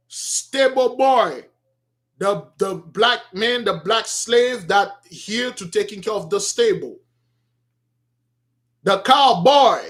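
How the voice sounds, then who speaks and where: Man, preacher, high voice, emphatic, repetitive, shouts then drops to quiet asides. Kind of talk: street-style sermon.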